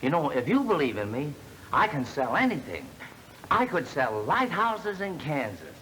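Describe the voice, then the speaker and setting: An actor playing a slick, fast-talking salesman in a 1930s film comedy, glib and wisecracking, reading aloud in a mock-solemn way. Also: on the high side, wildly swooping pitch, sharp tone, a little hiss or hum, full character voice, low-quality recording. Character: slick smart-aleck young salesman.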